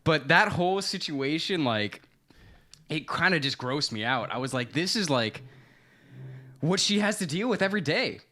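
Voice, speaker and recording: A man co-hosting a podcast, telling a story in casual chat, animated and swearing freely, acting out what people said. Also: fairly high pitch, moderate pace. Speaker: podcast co-host.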